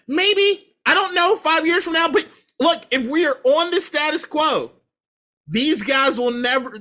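In casual talk, a sports podcast host delivers a heated, profane rant, repeating points emphatically to hammer them home. The voice is high, sharp, and animated at a normal speed.

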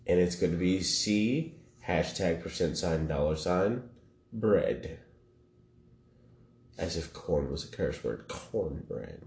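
A man co-hosting a podcast in casual banter, joking and deadpan, swearing freely. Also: low-pitched, slow pace, long pauses. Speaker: podcast co-host. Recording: echoey room with faint noise.

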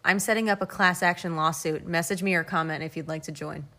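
A woman's voice: lowish voice, fairly even intonation, fairly quick, pushed and bright. Amused woman chatting casually. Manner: laughs often, reads tweets aloud with amused emphasis. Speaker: podcast co-host. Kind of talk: casual chat about a reality show.

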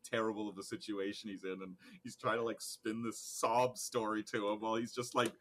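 Bright-voiced man co-hosting a podcast. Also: on the low side, fairly quick. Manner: animated, laughing, does voices. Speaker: podcast co-host. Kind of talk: casual chat.

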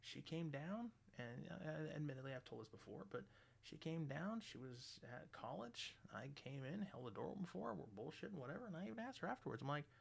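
A middle-aged man hosting a radio show, ranting bluntly and swearing constantly, loud and animated. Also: on the high side, a little fast, creaky, slightly rough. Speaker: radio host. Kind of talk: profane ranting monologue.

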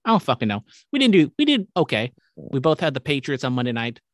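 Young man, casual sports podcast host, rambling and profane, mid-pitched voice, dry close sound. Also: big pitch swings, no room sound. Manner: rambling, profane, quick asides.

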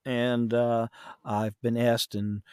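A man's voice: medium pitch, flat delivery, slow pace, darkish tone, smooth, no echo. Rambling man narrator, dry sound. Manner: rambling, many fillers and restarts. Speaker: audiobook narrator guest. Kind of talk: casual interview chat.

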